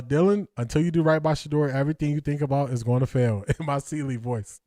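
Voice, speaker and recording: A man's voice: mid-range voice, darkish tone, no echo, clean studio sound. A man hosting a casual live stream, reading comments aloud, laughing often and repeating catchphrases in slangy talk. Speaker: host.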